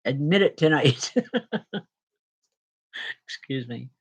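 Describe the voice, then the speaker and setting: A tired woman medium giving live spirit readings to viewers, chatty and unhurried with frequent restarts. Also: extremely low pitch, animated, husky.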